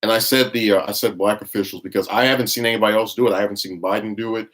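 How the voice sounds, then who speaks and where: A man's voice: lowish voice, fairly even intonation, rapid-fire, a bit bright. Blunt, rambling male stream commentator. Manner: blunt, scornful and rambling, with frequent restarts. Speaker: livestream commentator. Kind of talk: casual live-stream commentary, reading chat.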